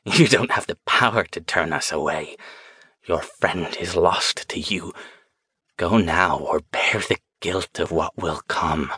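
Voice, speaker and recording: A man voicing a malevolent spirit that speaks through a possessed young woman, in a rough, rasping, menacing whisper. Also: deep voice, slow pace, pushed and bright, no room sound, pitched below the performer's own voice, full character voice. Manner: menacing, taunting.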